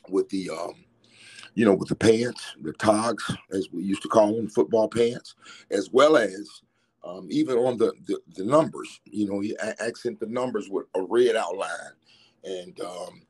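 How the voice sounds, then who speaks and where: Husky-voiced man telling old stories. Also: fairly low pitch, low-quality recording. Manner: rambling, animated recollection with restarts. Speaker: former player interviewee. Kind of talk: casual storytelling.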